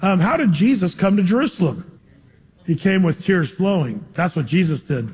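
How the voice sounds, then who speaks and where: A male pastor preaches in a high, husky voice, talking to his listeners conversationally and peppering the sermon with rhetorical questions. Long reverb from a large hall hangs after his phrases. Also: animated, moderate pace, a little mellow.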